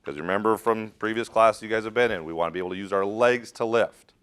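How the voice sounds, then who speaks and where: A man's voice: fairly low pitch, quick pace, a bit bright, clear, resonant tone. A middle-aged man teaching a rope rescue class, direct and practical, quizzing his students as he demonstrates. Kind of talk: hands-on safety training talk.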